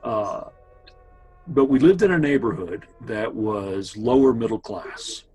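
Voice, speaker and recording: A man's voice: lowish voice, lively intonation, a little slow, darkish tone, soft background music, low-quality recording. A man casually telling his brother old family stories, meandering with asides to his listener. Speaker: family storyteller. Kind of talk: casual spoken storytelling.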